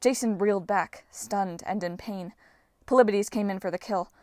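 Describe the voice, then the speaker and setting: Woman, audiobook reader, steady narration, mid-range voice, dry close recording. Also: medium pitch, moderate pace, no echo.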